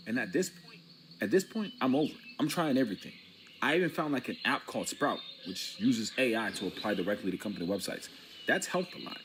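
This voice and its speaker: A young man, a recent graduate, ranting in exasperation about looking for work. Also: mid-range voice. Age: young adult. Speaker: recent graduate job seeker. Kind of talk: vlog rant. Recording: noisy recording.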